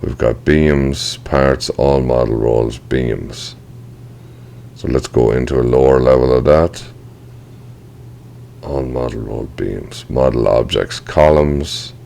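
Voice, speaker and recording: A man with a very deep voice, his low notes gravelly, walks through a software tutorial at his computer. He talks casually, thinks aloud and says sorry when he slips. It sounds like a desk mic indoors. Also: takes it slowly, a little hiss or hum. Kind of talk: screen-recorded software tutorial.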